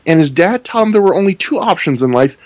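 A man in casual podcast chat with a slightly higher voice, recorded close and dry. He talks in a wry, sarcastic way, with frequent laughter. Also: lively intonation, quick pace, darkish tone, no echo. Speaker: podcast co-host. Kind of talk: casual chat reviewing wrestling.

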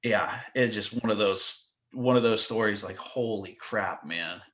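A man telling wild stories in a casual podcast interview, animated and full of "like" fillers. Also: on the low side, unhurried. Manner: animated, lots of "like" fillers, acts out quotes. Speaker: guest telling tour stories. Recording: roomy echo.

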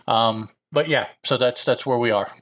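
Male podcast cohost, bright tense tone, frank and halting, stammers on starts. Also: medium pitch. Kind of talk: casual conversation.

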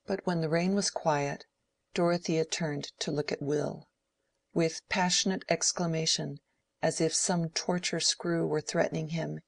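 A woman reading a classic novel aloud as an audiobook narrator, in a measured, steady way. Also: sits low, creaky, no room sound. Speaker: audiobook reader. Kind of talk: scripted narration.

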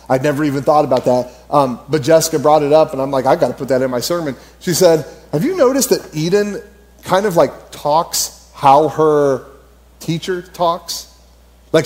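A man's voice: on the high side, darkish tone. A man in his thirties preaching a conversational sermon as pastor, telling stories and repeating key phrases for emphasis.

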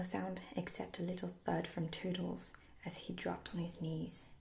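A woman whispering a fairy tale aloud as a soft-spoken ASMR storyteller. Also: fairly low pitch, flat delivery, unhurried, creaky, hardly any pauses, slight background noise. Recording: roomy echo.

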